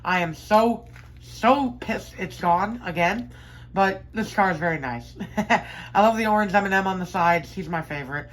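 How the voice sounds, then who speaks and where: A woman vlogging casually from her bedroom, chatty and enthusiastic, rambling with fillers and quick self-corrections as she unboxes collectibles. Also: medium pitch, low-quality recording.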